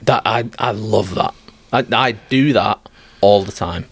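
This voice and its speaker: A man's voice: fairly low pitch, measured pace, vocal fry, husky, dry recording. A man talking as a life coach guest on a podcast, blunt, direct and emphatic. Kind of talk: podcast conversation.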